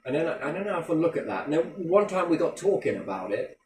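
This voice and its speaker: A man's voice: fairly high pitch, big pitch swings, fast, darkish tone, a little hiss or hum. A man telling stories in casual chat, blunt and full of swearing, acting out what others said. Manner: blunt, heavy swearing, acts out quoted voices. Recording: echoey room.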